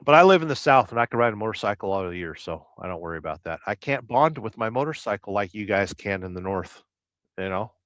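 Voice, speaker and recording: A man hosting a livestream, chatting casually and reading viewer comments with rambling, deadpan jokes. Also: fairly low pitch, quick pace, no room sound. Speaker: livestream host. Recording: dull lo-fi dry sound.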